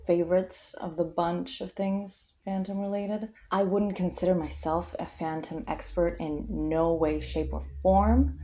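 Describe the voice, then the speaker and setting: A woman's voice: on the low side, dark tone. A young woman vlogger rambling casually about a book, chatty and full of fillers and tangents.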